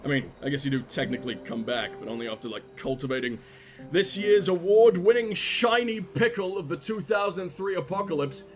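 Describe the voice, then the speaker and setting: Sardonic man, lively high voice. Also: a little fast, faint music behind. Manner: sardonic, crude, rambling jokes. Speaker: gaming streamer. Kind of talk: let's play commentary.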